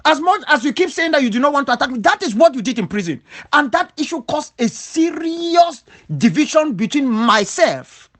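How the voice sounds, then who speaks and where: A man's voice: very high-pitched, very animated, normal speed, hardly any pauses, a bit bright. A man from southwest Cameroon, an independence leader giving an impassioned spoken rebuttal, emphatic and full of repeated rhetorical questions. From Cameroon, southwest region.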